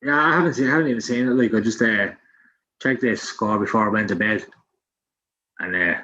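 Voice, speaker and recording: A man's voice: lowish voice, brisk, bright, forceful tone. A man co-hosting a casual football podcast, rambling with lots of fillers and frequent swearing. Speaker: podcast co-host. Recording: dull lo-fi sound.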